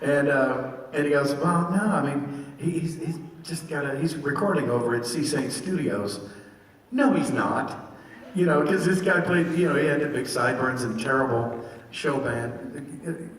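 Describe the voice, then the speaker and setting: An older man, a voice actor, telling stories and answering fan questions at a convention panel in an animated, laughing way. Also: fairly high pitch, a little hiss or hum. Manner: animated, laughing, jumps into quick character voices. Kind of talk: casual storytelling and Q&A. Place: large convention hall. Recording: echoey hall heard from far off.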